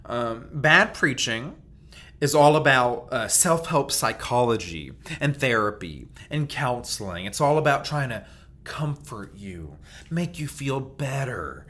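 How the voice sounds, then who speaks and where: A man's voice: mid-range voice, animated, slow pace, a bit bright. A man who preaches, hosting a podcast in a candid, self-deprecating way. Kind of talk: casual podcast monologue.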